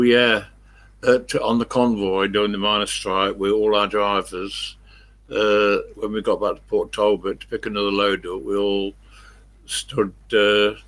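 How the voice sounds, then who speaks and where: A man's voice: fairly low pitch, a bit bright. An older man hosting a live stream, chatting in a rambling, blunt way, swearing freely and correcting himself as he goes.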